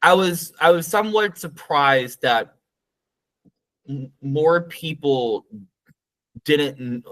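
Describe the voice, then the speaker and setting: A man's voice: a little high, takes it slowly, pauses often, a bit bright, rough recording. A man co-hosting a casual podcast chat, rambling with stammered repeats and tangents. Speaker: podcast co-host. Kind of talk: casual chat about conlang sound changes.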